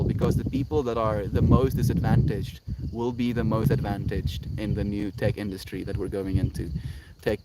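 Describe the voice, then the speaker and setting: A man livestreaming to his viewers in an earnest, rambling, affectionate way, talking outdoors in the countryside. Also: fairly low pitch. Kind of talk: casual livestream chat to viewers. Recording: loud outdoor background noise.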